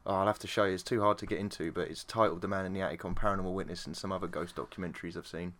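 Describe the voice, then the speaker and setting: A man co-hosting a podcast in casual chat, sweary and quick to laugh. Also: sits low. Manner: lively, sweary, laughs often. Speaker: podcast co-host.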